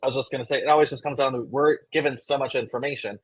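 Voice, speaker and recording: A man co-hosting a fitness podcast who speaks in a measured, coaching way. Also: medium pitch, steady tone, breathy edge, low-quality recording. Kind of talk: casual podcast chat.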